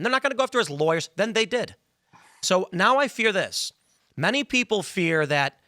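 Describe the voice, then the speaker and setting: A man in his thirties hosts a political podcast, his voice bright and a little high, recorded close and dry with no room sound. He talks earnestly and strings his thoughts together in long runs. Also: no echo. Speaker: podcast host. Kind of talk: casual political talk show.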